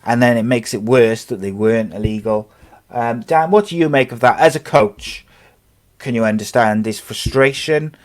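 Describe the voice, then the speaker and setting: A man's voice: mid-range voice, moderate pace. A man hosting a casual sports podcast, talking in a rambling way with many fillers and restarts. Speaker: podcast host.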